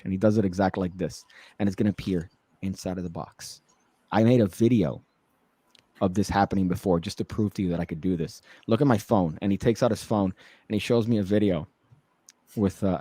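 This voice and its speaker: A man in casual conversation, telling an animated, profane story with laughs and acted-out quotes. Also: lowish voice, dry recording.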